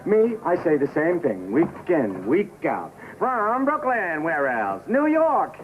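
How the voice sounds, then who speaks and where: A man's voice: a little high, wildly swooping pitch, slow pace, slight background noise, exaggerated voice. An actor playing a bored man who announces a home cooking show, tinny old broadcast sound. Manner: bored, then grandly theatrical.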